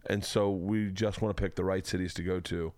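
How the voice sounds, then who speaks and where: A man's voice: low voice, steady tone, brisk, a little mellow, dry recording. A man from Florida hosting a podcast in casual chat, rambling and enthusiastic. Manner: rambling, enthusiastic, trails off mid-thought. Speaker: podcast host. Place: home studio.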